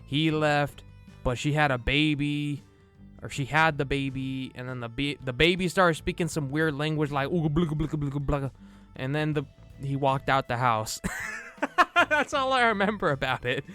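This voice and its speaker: A man talks through a film's plot in a relaxed, swearing, offhand way, acting out bits of dialogue as he goes. His voice is smooth and clear and sits a little high. Quiet background music plays under him. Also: a little slow. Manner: loose, profane retelling with laughs and acted-out quotes. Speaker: movie reviewer. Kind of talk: casual movie review.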